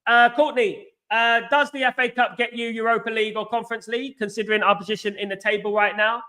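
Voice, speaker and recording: A man with a London accent hosts a live football fan stream, reading out viewer comments and answering them. His voice sits high and sounds bright and forceful. He talks animatedly and drops casual slang as he goes. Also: steady tone, quick pace. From England. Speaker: fan channel host.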